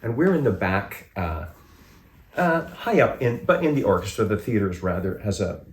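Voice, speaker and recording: A man with a fairly low voice telling stories in a relaxed, easygoing way. He pauses and restarts as he remembers things. The sound has a roomy echo around it. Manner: relaxed storytelling with hesitant restarts. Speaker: podcast host. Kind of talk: casual chat.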